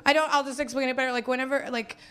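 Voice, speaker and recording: A woman's voice: high-pitched, fairly even intonation, rapid-fire, a bit bright, clear, resonant tone. A young woman from Winnipeg performing a live stand-up set on a small theater stage, rambling and self-mocking, laughing through her lines. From Canada, Winnipeg. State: hungover. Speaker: stand-up comedian.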